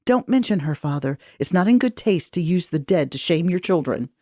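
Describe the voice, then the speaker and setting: A woman speaking as a stubborn, sharp-tongued young noble daughter who argues back defiantly. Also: lowish voice, expressive, normal speed, dry recording, clean studio sound. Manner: defiant, pleading.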